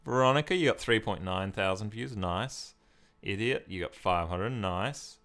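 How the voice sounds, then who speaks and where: A man's voice: fairly low pitch, measured pace, fairly bright tone. An Australian man from Victoria, chatting casually on a live stream as he reads and answers viewer comments.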